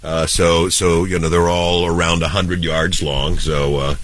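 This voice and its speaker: Deep-voiced older man with a head cold. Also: flat delivery, unhurried, fairly bright tone, no echo. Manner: rambling storyteller with many restarts and fillers. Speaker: radio show co-host. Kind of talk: casual chat.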